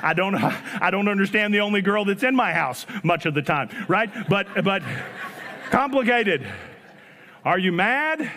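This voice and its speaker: A man, preaching an animated sermon and acting out little dialogues with repeated phrases. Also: high voice, measured pace. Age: 40s. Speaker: pastor. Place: church sanctuary. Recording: church hall with long reverb.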